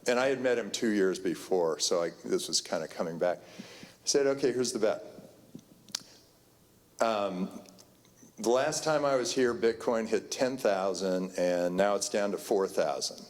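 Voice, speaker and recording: A man's voice: fairly low pitch, moderate pace. A man giving a keynote talk, telling a rambling anecdote full of fillers and restarts. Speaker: keynote speaker. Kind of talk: conference keynote storytelling. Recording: long hall reverb.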